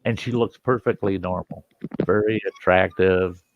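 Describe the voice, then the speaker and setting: A man's voice: low-pitched, steady tone, normal speed, dry recording, dull audio. A man hosting a campfire show, telling a funny story and laughing often. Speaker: host.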